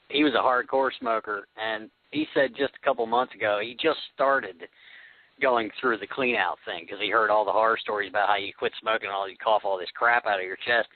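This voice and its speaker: A man's voice: on the low side, normal speed, no room sound. A man who is a singer, telling easygoing stories in a casual talk-radio chat. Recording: tinny phone-like radio audio.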